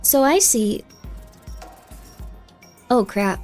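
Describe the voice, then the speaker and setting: A woman streaming a game live, reacting excitedly and reading on-screen text aloud. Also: fairly high pitch, very slow. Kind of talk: live gameplay commentary. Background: faint game music.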